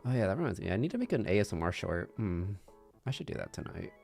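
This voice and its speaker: A man's voice: lowish voice, huge pitch swings, quick pace, vocal fry, a little mellow, breathy edge, faint music behind. A man streaming, rambling in casual chat on a binaural microphone, thinking aloud with hums and little laughs.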